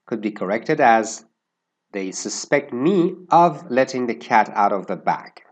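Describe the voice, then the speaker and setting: A man teaching an English lesson, explaining word use slowly and carefully and stressing how words sound. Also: mid-range voice, expressive.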